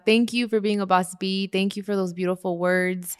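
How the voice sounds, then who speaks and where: A woman's voice: medium pitch, fairly even intonation, moderate pace, few pauses, clear, resonant tone. A woman, hosting a casual advice chat and switching between English and Spanish. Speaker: host answering listener questions.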